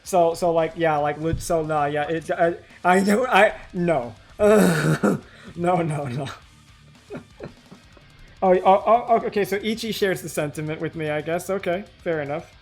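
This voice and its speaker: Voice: mid-range voice, measured pace, faint music behind. A streamer hosting a casual chat stream, talking in rambling, stop-start bursts with frequent restarts and casual swearing.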